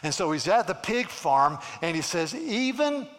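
A man preaching a sermon in a church, animated, often repeating words and acting out the people in his stories. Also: a little high, normal speed, big-room sound. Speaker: pastor.

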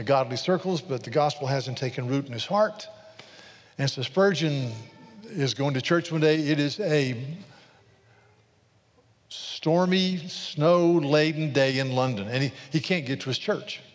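A man preaching a sermon, telling a story with animated, repetitive delivery and acting out the quoted preacher. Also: mid-range voice, a little slow. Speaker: pastor. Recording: long reverb of a large hall.

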